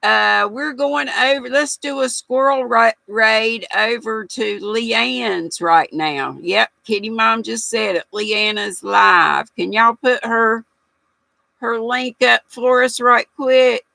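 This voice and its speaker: A woman's voice: fairly high pitch, slow, gravelly, pushed and bright, no room sound, poor audio. An older woman hosting a casual livestream, chatty and folksy, reading viewer comments aloud and laughing often. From United States. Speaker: livestream host.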